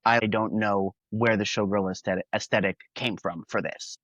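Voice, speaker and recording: A man's voice: lowish voice, fairly even intonation, moderate pace, fairly bright tone, no echo, lo-fi sound. A young man hosting a podcast, chatting earnestly and at length about an album's songs and themes. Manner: earnest, talkative, quotes lyrics in character. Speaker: podcast host. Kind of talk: casual music review chat.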